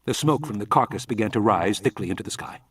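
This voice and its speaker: A man's voice: on the low side, lively intonation, fast talker, husky, recorded from a distance. Man reading a novel aloud live. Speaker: audiobook reader.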